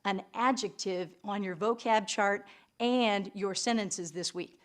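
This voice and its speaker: A woman's voice: mid-range voice, measured pace. A woman teaching an English class with theatrical enthusiasm and playful asides. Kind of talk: recorded classroom lesson.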